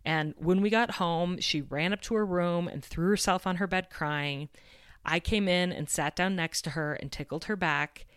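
Mom in her 30s doing a parenting podcast, low voice, super dry close sound, earnest. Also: moderate pace, clean tone, no echo. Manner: earnest, reflective storytelling. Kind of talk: scripted podcast monologue.

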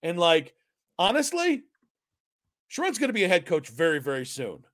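His pitch swoops wildly as this fairly high-voiced sports podcast co-host chats at a moderate pace in a fairly bright tone, rambling self-mockingly and often dissolving into giggles. It's a dry, close recording with hardly any room sound.

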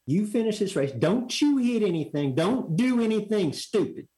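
A man voicing an exasperated older racetrack manager scolding a teenager in a raised, high-pitched voice. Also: very animated, normal speed, warm tone. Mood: stern.

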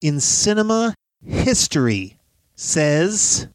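Upbeat podcast host with a dry voice. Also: male voice, fairly high pitch, sing-song, takes it slowly, dry recording. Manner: recaps scenes playfully, cracks jokes. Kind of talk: casual movie-review podcast chat.

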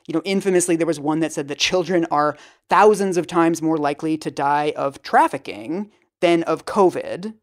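Animated woman guest, low voice. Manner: animated, quick, acts out quoted voices. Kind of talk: casual interview talk.

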